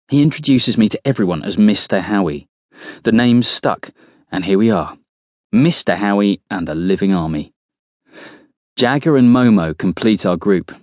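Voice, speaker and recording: Low-voiced audiobook narrator. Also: male voice, darkish tone, dry recording, studio quality. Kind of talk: first-person horror audiobook narration.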